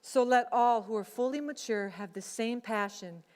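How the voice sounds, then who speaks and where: A woman's voice: fairly high pitch, normal speed, a little mellow, big-room sound. A woman pastor preaching a sermon in a conversational way, slipping into quoted voices.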